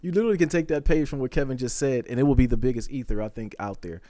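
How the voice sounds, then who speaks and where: A man co-hosting a podcast in casual chat, animated and quick to laugh. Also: medium pitch, no room sound. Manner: fast, animated, laughing often. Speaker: podcast co-host.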